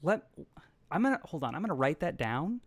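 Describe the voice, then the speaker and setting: Relaxed male host, dry sound. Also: a little high, a little fast, no room sound. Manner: relaxed, rambling, self-deprecating. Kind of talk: casual interview chat.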